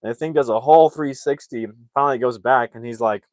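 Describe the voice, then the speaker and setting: A man's voice: medium pitch, fast talker, hardly any pauses, darkish tone, no room sound. A man casually retelling a movie's plot, rambling with lots of fillers and acting out the characters' lines. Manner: rambling, filler-heavy, acts out quotes. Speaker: movie reviewer.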